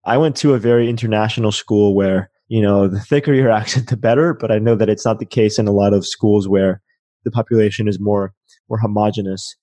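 A man's voice: lowish voice, steady tone, fairly quick, dark tone, dry recording. A man whose first language is Spanish, hosting a casual interview in a chatty, enthusiastic way. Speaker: podcast host.

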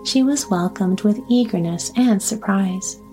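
A woman narrating a storybook in a calm, even way. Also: medium pitch, measured pace, faint music behind. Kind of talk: storybook reading.

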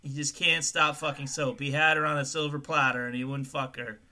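A man co-hosting a podcast, trading crude, profane jokes and acting out characters in loud, high voices. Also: little pitch movement, fairly quick. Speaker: podcast co-host. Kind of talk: crude comedic podcast banter.

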